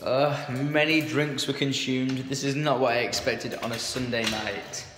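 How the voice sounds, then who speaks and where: A young man from England vlogging casually, excitable and swearing a lot, with bursts of shouting. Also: mid-range voice, a little slow, noisy background. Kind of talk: casual vlog chat.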